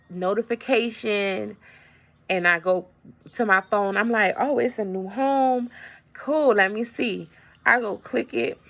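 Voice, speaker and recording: A woman's voice: mid-range voice, creaky, fairly bright tone, dull audio. A woman vlogger in a casual update, telling a story in a chatty way and talking straight to her viewers.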